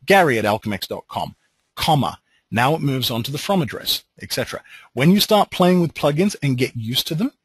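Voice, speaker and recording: An Australian man leading a software training webinar, explaining steps with relaxed joking asides. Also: medium pitch, breathy edge, no echo, poor audio.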